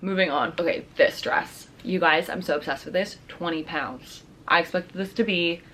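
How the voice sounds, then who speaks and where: A young woman with a slightly low voice chats through a fashion haul, bubbly and gushing, peppering every sentence with "like" and trendy slang. Faint background noise sits under her voice. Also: normal speed, fairly bright tone. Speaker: fashion vlogger. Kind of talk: casual try-on haul chat.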